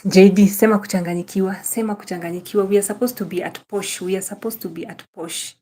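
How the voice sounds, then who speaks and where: A woman's voice: mid-range voice, steady tone, quick pace, dark tone, slight background noise. A young Kenyan woman with a Kenyan accent, chatting casually on a live stream, greeting viewers by name and repeating her phrases, sometimes mixing in Swahili. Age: young adult. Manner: mixes Swahili into English.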